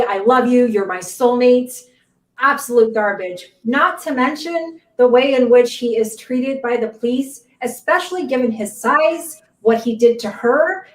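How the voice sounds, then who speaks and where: A woman's voice: fairly high pitch, distant mic. A female co-host of a live news show giving blunt, angry, profane commentary. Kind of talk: live online news talk. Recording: roomy, off-mic sound.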